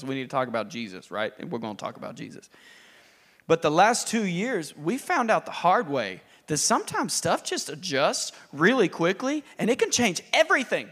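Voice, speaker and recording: A man preaching a sermon in a chatty, animated way, laughing between lines. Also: fairly high pitch. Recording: long hall reverb.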